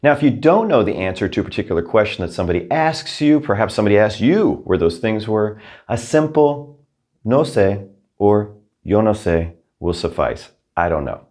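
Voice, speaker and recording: A man teaching a recorded Spanish lesson, upbeat and encouraging, speaking his Spanish examples slowly and carefully. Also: fairly low pitch, big pitch swings, a little mellow.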